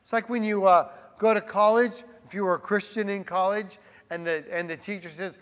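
A man preaching a sermon as a pastor, animated and conversational, with frequent asides to the listeners. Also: high-pitched, moderate pace, smooth, big-room sound.

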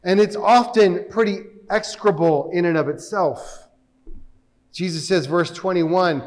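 A man's voice: sits high, moderate pace, long reverb tail, low-quality recording. A man preaching a sermon, reading scripture aloud and pressing his listeners with emphatic rhetorical questions.

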